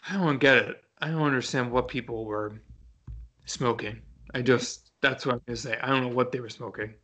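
Young guy cohosting a podcast, chatty, gets excited, middle pitch, rambles a bit. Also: a little fast. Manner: chatty, excitable, trailing off mid-sentence. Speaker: podcast co-host. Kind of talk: casual chat.

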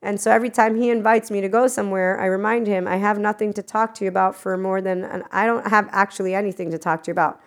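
A middle-aged woman talking in a rambling, animated spiritual monologue, laughing often and acting out quoted dialogue. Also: mid-range voice, quick pace, few pauses. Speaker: spiritual channel host.

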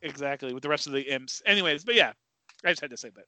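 Opinionated guy rambling on a podcast, bright voice, dead dry sound. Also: a little high, expressive, fast, no room sound. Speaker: podcast co-host. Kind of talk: casual chat.

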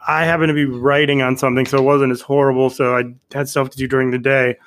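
A man guesting on a comedy podcast, rambling through a story with restarts and quick impressions. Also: mid-range voice, little pitch movement. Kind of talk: casual comedy podcast chat.

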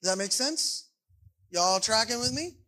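Man, pastor, sermon, high voice, bright tone, conversational, checks in with listeners. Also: animated, measured pace, low-quality recording.

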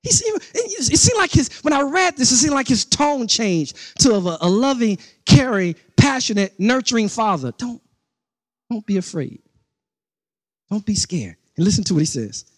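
Man, middle-aged, pastor, sermon, very high pitch, dry close sound, animated, repeats phrases. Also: moderate pace, hardly any pauses, dry recording. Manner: animated preaching with rising outbursts and repeated phrases; conversational asides to the congregation.

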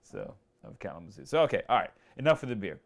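A man's voice: fairly low pitch, very animated, quick pace, gravelly. A man co-hosting a podcast, chatting easily and joking with his co-host. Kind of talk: casual chat.

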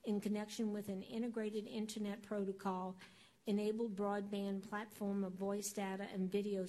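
A woman working as a council clerk, reading agenda items aloud in a formal, even tone. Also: mid-range voice, poor audio.

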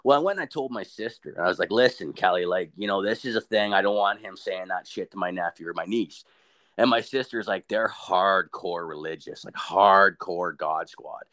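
Speaking a little fast in a lowish voice, the young man shares a crude, profanity-packed story casually. He animates it by quoting the people involved, putting on funny voices for each.

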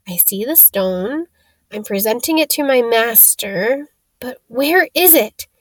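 A woman reading a cold, scheming male wizard teacher in an audiobook, calm and dismissive in manner. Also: a little high, slow, dry recording.

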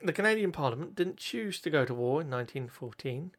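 A man's voice: a little high, expressive, fast. A man reading history notes aloud, often stumbling over words, correcting himself and adding joking asides.

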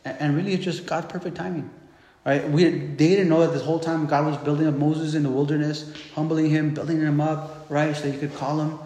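A man's voice: on the high side, little pitch movement, brisk, mellow. Conversational male preacher in echoey hall. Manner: conversational, repeats words, asks "right?" often. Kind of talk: casual sermon teaching. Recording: echoey hall with long reverb.

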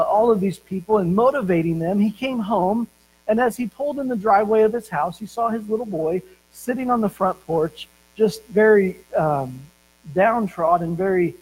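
A man preaching a sermon as pastor, telling stories and slowing down to stress key words. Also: high voice, a little mellow, slight background noise, rough recording.

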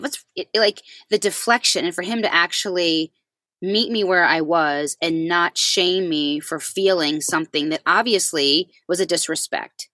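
A woman chatting on a talk show, telling a personal story in an animated way and acting out the quoted voices. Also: on the low side, normal speed, no room sound. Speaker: podcast co-host. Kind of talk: casual chat.

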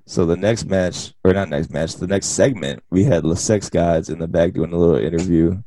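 A man's voice: low-pitched, moderate pace, warm tone. A man co-hosting a casual wrestling podcast, laughing often and acting out wrestlers' lines as he recaps. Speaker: podcast co-host.

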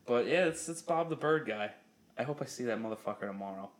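A man's voice: medium pitch, expressive, fast talker. A young man co-hosting a podcast, telling a story in casual, profane chat and laughing often. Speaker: podcast co-host.

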